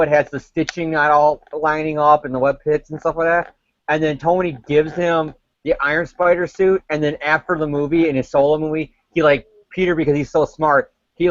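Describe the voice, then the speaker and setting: A man's voice: fairly high pitch, no echo. Laid-back guy chatting fan rumors, dry close sound, kinda lo-fi. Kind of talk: casual fan discussion. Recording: dull lo-fi audio.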